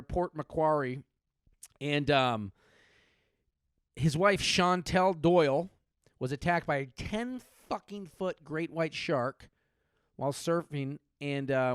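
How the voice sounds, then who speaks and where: A man's voice: fairly high pitch, a bit bright, smooth, no room sound, clean studio sound. A man in his thirties hosting a comedy podcast, riffing profanely on odd news stories and slipping into mock voices.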